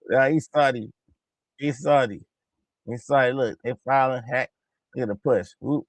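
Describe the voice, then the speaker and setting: Gravelly-voiced man reacting excitedly. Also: medium pitch, moderate pace, dry recording. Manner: excitable, slangy, repeats himself. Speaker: host of a basketball reaction channel. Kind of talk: casual reaction commentary over game highlights.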